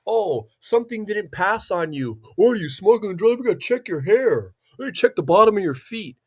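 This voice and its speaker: A man putting on the voice of a brusque airport security screener, higher than his own voice and sing-song. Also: animated, normal speed, husky, heavily acted. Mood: mocking.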